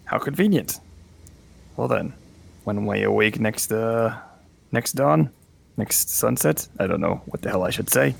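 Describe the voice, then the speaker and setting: A man voicing a polite, slightly pompous gentleman character with a gravelly voice, speaking a bit higher than his own. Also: lively intonation, a little slow, long pauses, full character voice.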